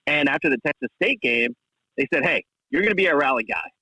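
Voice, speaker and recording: A man's voice: on the high side, lively intonation, fast talker, bright, forceful tone, husky, no room sound. A tipsy man telling a laid-back story on a casual sports talk show. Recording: dull dry radio sound.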